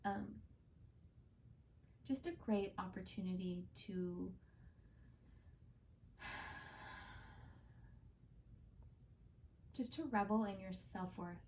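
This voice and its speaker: A woman's voice: mid-range voice, a little mellow, recorded from a distance, a little hiss or hum. A woman giving a casual, heartfelt tarot reading, chatty and full of fillers. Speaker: tarot card reader and channel host.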